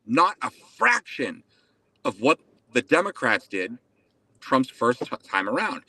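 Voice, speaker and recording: A man's voice: medium pitch, sing-song, takes it slowly, pushed and bright, slightly rough. A man talking politics emphatically, repeating words and mocking his opponents. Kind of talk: political talk show chat.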